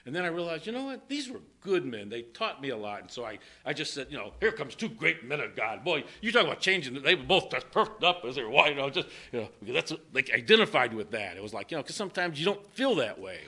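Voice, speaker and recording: A man's voice: medium pitch, very animated, fast talker, hardly any pauses, pushed and bright, husky. An older man preaching a sermon, reading verses and joking as he goes. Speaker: pastor.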